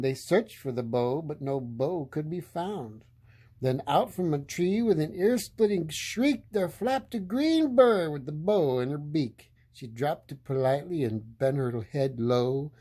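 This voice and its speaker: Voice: medium pitch, a little slow, dark tone. A storyteller reading a picture book aloud in a playful way, often laughing along with the story.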